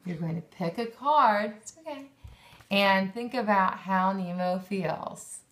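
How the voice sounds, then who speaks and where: A woman teaching young children, full of encouragement and quick praise. She speaks slowly and stretches out her questions. Her voice is bright and clear. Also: medium pitch.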